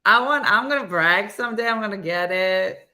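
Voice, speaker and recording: A woman's voice: mid-range voice, moderate pace, bright, forceful tone. A woman in her sixties hosting a casual morning show, chatting and reading out viewer comments with self-mocking humor. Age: 60s. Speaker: show host.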